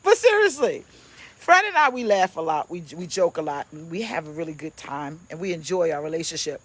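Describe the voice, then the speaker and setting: A woman's voice: low voice, very animated, a little fast, fairly bright tone. A woman pastor, preaching casually on a livestream from home, playful and chatty as she greets viewers by name.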